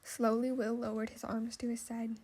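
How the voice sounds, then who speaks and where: A woman narrating an audiobook in measured, scripted storytelling. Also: a little high, little pitch movement, darkish tone, husky.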